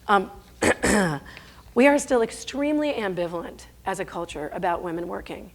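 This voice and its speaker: A woman's voice: medium pitch, expressive, normal speed, vocal fry. Emphatic woman giving a stage talk. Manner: emphatic, rhetorical, with self-corrections. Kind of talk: conference talk. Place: stage before an audience.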